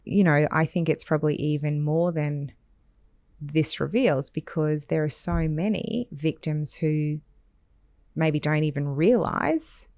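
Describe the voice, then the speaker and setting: A woman, hosting a podcast and reading out statistics in a measured, firm way. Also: low-pitched, darkish tone, no room sound. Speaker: podcast host. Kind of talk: conversational podcast discussion.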